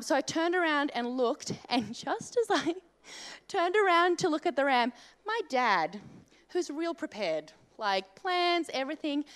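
Woman, high voice, bright tone, casual animated anecdote, comic asides. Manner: animated, comic, lots of fillers like "like". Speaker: storyteller.

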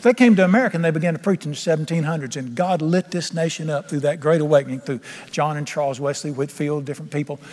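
Talking fast in a fairly high, darkish voice, a male pastor delivers a passionate, humorous, folksy sermon. Long church reverb and faint background music fill the sanctuary recording.

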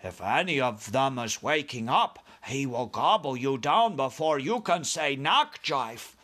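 A man voicing a big friendly giant who speaks slowly with jumbled grammar. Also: mid-range voice, lively intonation, sharp tone. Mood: amused. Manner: slow, drawling, jumbled words.

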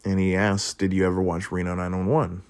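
A podcast host talks through the episode on his own in a loose, rambling way. He laughs often and swears casually. His voice sits a little low for a man. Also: monotone, a little fast, darkish tone. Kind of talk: casual solo podcast chat.

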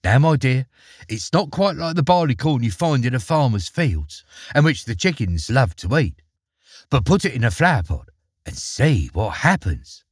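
A man voicing a brisk, matter-of-fact fairy in a storybook reading. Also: mid-range voice, very animated, breathy edge, no echo, studio quality. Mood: breezy.

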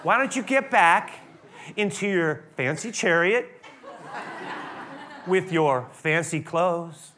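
A man's voice: sits high, slow pace, pauses often, sharp tone, slight background noise, exaggerated voice. A man voicing a scornful male crowd of ancient brothers during a sermon, mocking and indignant.

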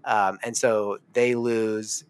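A man's voice: lowish voice, takes it slowly, clear, resonant tone. A man co-hosting a podcast in casual chat, animatedly retelling scenes and acting out quotes. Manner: animated storyteller, acts out quotes. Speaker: podcast co-host.

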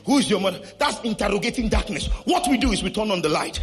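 A male pastor with a Nigerian accent, preaching a sermon to a congregation and leading shouted declarations. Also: high-pitched, expressive, fast talker, soft background music. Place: church hall with congregation.

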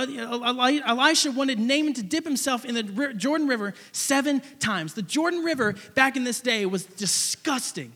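A pastor preaching in a loose, conversational way with a strikingly high, bright voice. A gravelly edge runs through it, and he keeps circling back to the same questions. His voice rings out with the long reverb of a large hall. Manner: conversational, asks repeated questions. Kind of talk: sermon.

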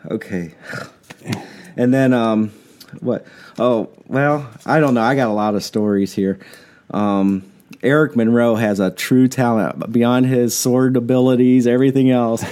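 A man on a podcast chatting casually, telling animated stories and often breaking into laughter. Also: medium pitch, unhurried. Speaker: podcast co-host.

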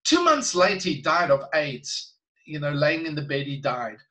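A man working as a Christian minister, telling a story in an interview in an earnest, animated way and laughing between phrases. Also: fairly high pitch, normal speed, rough recording. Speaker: Christian minister and guest speaker.

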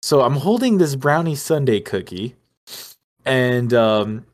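A young man co-hosting a podcast, telling a story in casual chat with animated energy, frequent laughs and casual swearing. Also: mid-range voice, takes it slowly. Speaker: podcast co-host.

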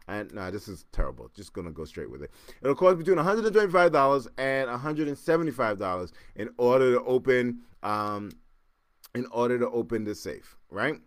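A man hosting his podcast, telling a story casually with lively repeats and acted-out sounds. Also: medium pitch, a little fast, dry recording, clean studio sound. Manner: animated, repeats words and acts out sounds. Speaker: podcast host.

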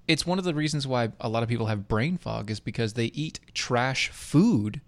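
On a dry recording, a man co-hosts a laid-back podcast, his animated mid-range voice keeping a moderate pace. He drifts through the chat with restarts and sarcastic remarks, breaking off to read an ad.

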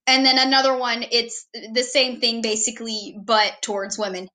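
Young woman for a chatty self-intro vlog, rambling and self-deprecating, bright tone. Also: fairly high pitch, moderate pace. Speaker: vlogger introducing herself.

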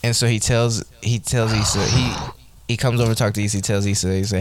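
A man's voice: lowish voice, fairly even intonation, quick pace, background noise. A man co-hosting a casual TV recap podcast, rambling and restarting as he questions things aloud. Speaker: podcast co-host.

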